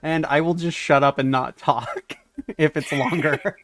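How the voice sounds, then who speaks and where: A man's voice: fairly high pitch, a little slow, a bit bright, dry recording. A man streaming a game live, chatting casually in a joking, self-mocking way.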